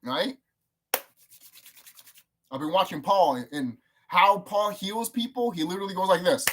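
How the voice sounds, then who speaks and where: Rambling, profane man, on the high side. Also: a little slow, slight background noise. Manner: rambling, profane, excitable, with sudden jumps up in pitch. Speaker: video creator. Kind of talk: casual monologue.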